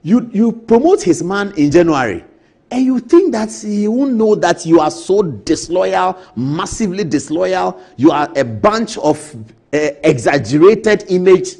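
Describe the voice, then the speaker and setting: Ghanaian guy hosting tv talk, huskyish voice, fairly high, acts stuff out. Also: unhurried, vocal fry, husky. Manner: animated, theatrical, acts out quotes. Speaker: TV talk show host. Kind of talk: opinionated political commentary. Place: TV studio.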